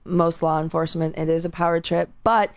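A young woman, an actress and radio host, telling a lively story in casual chat and acting out the people in it. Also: lowish voice, a little fast, no echo. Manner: animated, quotes people in voices, lots of "like". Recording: dull, dry lo-fi sound.

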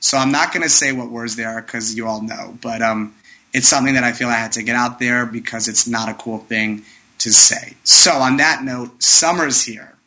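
A man's voice: mid-range voice, moderate pace, bright, forceful tone, poor audio. A man hosting a radio talk show, chatting casually and effusively as he thanks guests, plugs sponsors and gives his listeners earnest advice. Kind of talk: casual radio talk, sign-off and shout-outs.

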